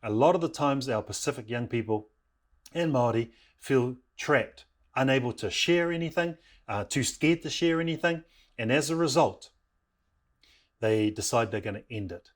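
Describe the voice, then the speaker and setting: Animated male storyteller from New Zealand. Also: medium pitch, moderate pace. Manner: animated storyteller acting out family voices. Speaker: parenting program speaker. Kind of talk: storytelling talk.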